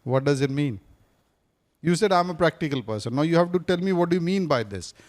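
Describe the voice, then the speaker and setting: A man's voice: fairly high pitch, expressive, brisk. A man teaching a live class in a classroom, quizzing his students and repeating his points. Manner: questions the audience, repeats points, switches briefly into Hindi. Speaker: speaking coach teaching a class. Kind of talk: interactive classroom lecture.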